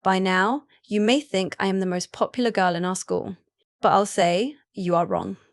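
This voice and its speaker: Woman narrator, first-person story, casual chatty asides, dry close sound, mid pitch. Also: expressive, moderate pace, no echo.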